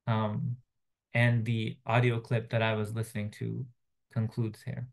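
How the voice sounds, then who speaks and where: A man delivering a Friday sermon as a chaplain, soft-spoken and reflective, pausing often with fillers. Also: medium pitch, flat delivery. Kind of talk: Friday sermon, retelling a phone call.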